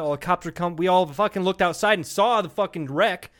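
High-voiced rambling man telling a story. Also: a little fast. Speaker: podcast co-host. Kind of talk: casual comedic chat.

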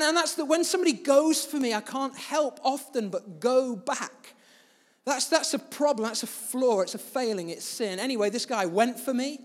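A man preaching as a pastor, telling a story in a sermon with big swings between loud and soft. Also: very high-pitched, in a large hall.

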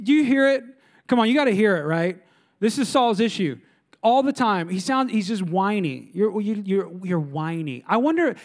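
A male pastor in his thirties preaching a sermon in a somewhat high voice. He is emphatic and repeats key lines. He often turns to the audience with questions. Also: lively intonation, brisk, a little mellow.

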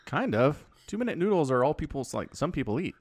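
Lively, sarcastic man on a podcast. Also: fairly quick. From not Australian. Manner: animated, sarcastic, jumps high in pitch for emphasis. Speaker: podcast co-host. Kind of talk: casual chat.

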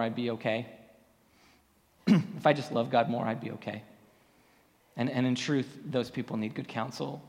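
A man's voice: medium pitch, darkish tone. A male pastor delivering a sermon in an easygoing, storytelling manner, with frequent ums and restarts. His voice sits in a middle register for a man. The sound carries a long hall reverb. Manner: conversational storytelling with many fillers.

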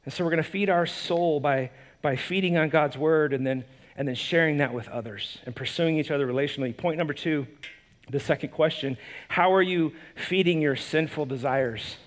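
Man, pastor, sermon, high voice, conversational, restarts and repeats words. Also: moderate pace.

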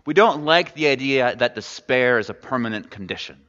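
A pastor preaches in a church sanctuary with a mid-range, slightly bright male voice, animated and at a moderate pace. He keeps it conversational, asking the congregation questions. The sound is dull, in a large hall with lots of reverb.

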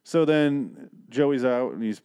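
A man's voice: medium pitch, slow pace, warm tone, clear, resonant tone. A young man hosting a podcast, casually recapping a TV episode with rambling, profane, sarcastic asides. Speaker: podcast host.

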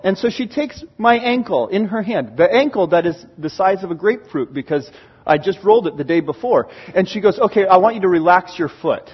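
A man, a pastor, preaching a sermon and telling stories with animated, acted-out exclamations. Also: high voice, a little fast, slightly rough. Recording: dull, lo-fi recording with long hall reverb.

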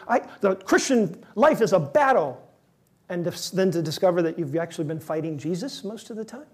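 A man's voice: high voice, lively intonation, normal speed, a little mellow, breathy edge. A male pastor preaching a sermon, acting out both sides of a back-and-forth with an imagined listener. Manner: acts out a doubting listener in a raised, pleading voice; dialogue between himself and an imagined listener.

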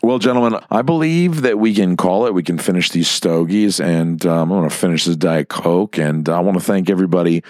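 A man's voice: sits low, a little mellow, no room sound, clean studio sound. Laid-back man hosting a crude comedy podcast. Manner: crude, joking, drawn-out storytelling. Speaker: podcast host. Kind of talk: casual comedy podcast banter.

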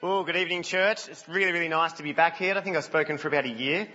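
A man preaching a sermon in a church, telling stories in an animated way and dropping to a hush. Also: on the high side, fast talker. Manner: animated storytelling, drops to a hush. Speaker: guest preacher. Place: church, indoors. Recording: reverberant, muffled church hall.

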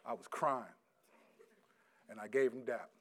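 A middle-aged male pastor preaching a sermon, reading scripture loudly and slowly, then dropping into quiet, casual stories about his sons. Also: mid-range voice. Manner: swings from loud emphatic scripture reading to quiet storytelling.

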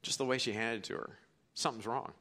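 A middle-aged man preaching a sermon as pastor, telling stories and swinging from hushed to forceful. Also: mid-range voice, steady tone, fast. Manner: storytelling, quoting others, swings from hushed to forceful.

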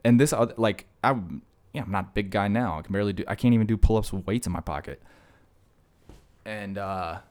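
A man's voice: lowish voice, a little fast, a little mellow. A man talking casually to camera in a vlog, rambling and joking as he drifts between stories. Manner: joking, digressive storytelling. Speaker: vlogger.

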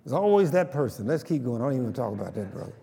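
A man's voice: mid-range voice, very animated, rapid-fire, mellow, in a large hall. A man preaching a sermon, emphatic and calling for responses from the congregation. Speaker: pastor.

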